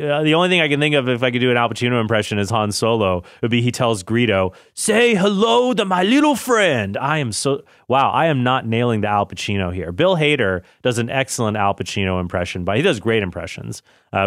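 A man's voice: on the low side, fairly bright tone, dry recording, studio quality. A man in his thirties casually talking about films, chatty and self-correcting, often laughing at himself. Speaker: film commentary host. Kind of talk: casual film commentary.

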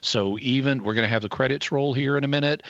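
A man's voice: medium pitch, a bit bright, dry recording. Earnest man on slightly dull radio line. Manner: earnest, measured, quotes scripture. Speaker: radio show co-host. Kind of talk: pledge drive appeal on live radio. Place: radio studio.

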